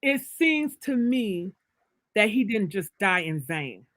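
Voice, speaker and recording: A woman's voice: mid-range voice, big pitch swings, takes it slowly, a bit bright, no echo. A woman author being interviewed, telling her story in an emphatic, preacherly way with big swings of energy. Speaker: author, guest. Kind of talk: casual livestream interview.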